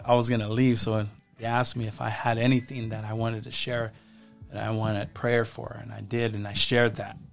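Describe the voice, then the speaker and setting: A man speaking as a podcast guest, telling his life story in a halting way and often repeating his words. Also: mid-range voice, a bit bright. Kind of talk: personal testimony in casual conversation.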